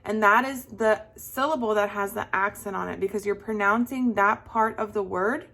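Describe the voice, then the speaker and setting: With a sharp-toned, mid-range voice at a moderate pace, a young woman leads young children through a slow, patient classroom lesson. She draws out words in sing-song fashion so they can echo her.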